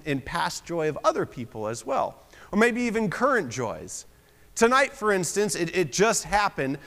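A man's voice: a little high, fairly bright tone. A young man from Pennsylvania giving a casual, self-deprecating sermon with bits of humor as a guest preacher. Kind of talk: conversational sermon. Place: church sanctuary. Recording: long reverb of a large hall.

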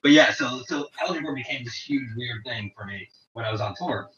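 A man in his forties casually telling rambling, profane stories about touring, with animated quoting. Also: medium pitch, brisk. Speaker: guest telling tour stories. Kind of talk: casual storytelling chat. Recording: roomy, distant, dull lo-fi sound.

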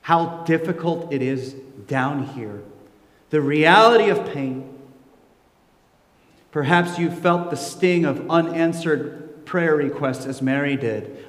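A man in his forties preaching a sermon as pastor, swinging from soft low asides to loud, high emotional peaks. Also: takes it slowly. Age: 40s. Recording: echoey hall with long reverb.

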